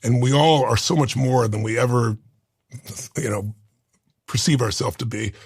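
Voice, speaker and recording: Gravelly older man telling a story. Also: medium pitch, normal speed, no room sound, studio quality. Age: 60s. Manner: emotional, earnest, tells a personal story. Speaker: guest. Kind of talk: storytelling in an interview.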